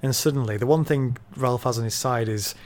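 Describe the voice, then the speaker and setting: A man's voice: medium pitch, brisk, a little mellow. A man with a mid-range voice retelling scenes from a book on a podcast. He is chatty and informal, with plenty of fillers and a loose, conversational flow. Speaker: podcast co-host discussing a novel. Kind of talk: casual book discussion.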